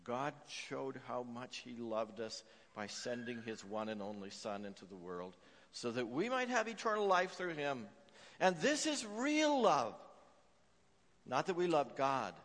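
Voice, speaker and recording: A man preaching a sermon as pastor, telling a story with frequent "uh" fillers and swinging between hushed and emphatic delivery. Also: mid-range voice. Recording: long reverb of a large hall.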